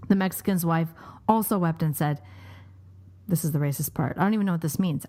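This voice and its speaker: A woman hosting a podcast, animated and laughing easily as she tells a long joke. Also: deep voice, a little fast. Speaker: podcast host. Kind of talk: casual chat and joke telling.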